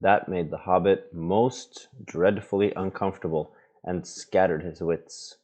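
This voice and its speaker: Very deep, slow reader. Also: male voice, fairly even intonation. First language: Norwegian. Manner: gentle, patient reading with small asides. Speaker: parent reading to his children. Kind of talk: storybook read-aloud.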